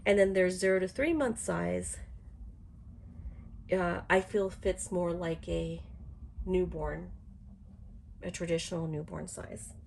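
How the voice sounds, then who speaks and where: A woman's voice: lowish voice, fairly even intonation, slow, vocal fry, pauses often, a little mellow, a little hiss or hum. A middle-aged woman with a cold, chatting on a live stream in a rambling way full of fillers and restarts, sounding congested. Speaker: doll collector streaming live. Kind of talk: casual live-stream chat.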